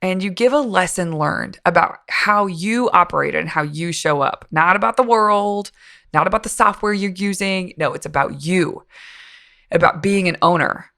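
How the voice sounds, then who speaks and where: A woman hosting a casual solo podcast with a slightly rough morning voice, talking in an upbeat, encouraging coaching tone. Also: on the low side, normal speed, a bit bright. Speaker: podcast host. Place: home, early morning.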